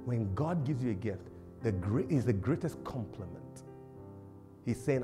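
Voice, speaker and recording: A man preaching a sermon as a pastor, animated and humorous, laughing often and acting out little voices. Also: mid-range voice, measured pace, music in the background. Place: church service.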